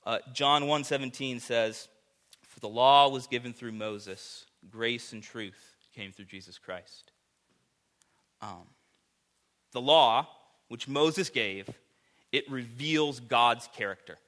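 A man preaching a sermon, his voice bright and forward. He talks casually to the congregation, with fillers and sudden swings from loud to quiet. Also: medium pitch, slow pace, long pauses. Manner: conversational, animated preaching with fillers. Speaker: pastor.

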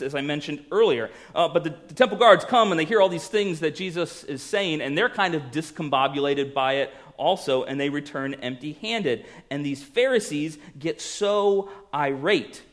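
Animated man preaching a sermon. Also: a little high, normal speed, few pauses. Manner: animated, swings between loud emphasis and hushed lines; acts out quoted voices. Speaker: pastor.

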